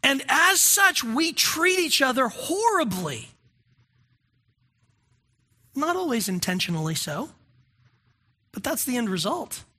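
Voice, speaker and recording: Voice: sits high, sing-song, slow, long pauses, sharp tone. A pastor preaching a sermon in an earnest, conversational way, asking the congregation questions.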